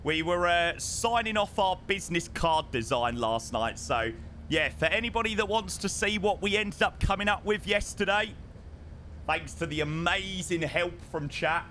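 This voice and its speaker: A man's voice: sits high, lively intonation, normal speed, pushed and bright, a little hiss or hum. A young man streaming a flight sim, chatting casually with his chat and calling people mate, his voice strained because he is losing it.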